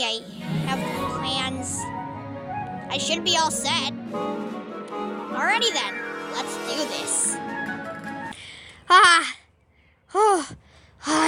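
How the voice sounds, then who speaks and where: Brief: woman doing a high, slow-talking, weary male ghost puppet. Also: bright, forceful tone, heavily acted. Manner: sighing, exasperated, stammering. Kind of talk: homemade toy skit.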